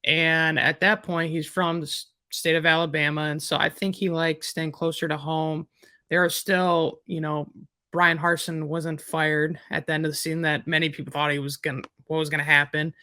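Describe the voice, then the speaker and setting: A Midwestern-accented man talks through recruiting news on a podcast, circling and restarting his thoughts. His voice sits a little high and sounds sharp and bright, recorded dry and close. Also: flat delivery, moderate pace, dry recording. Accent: Midwestern American. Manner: rambling, many fillers and restarts. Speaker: recruiting analyst co-host. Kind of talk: casual sports podcast chat.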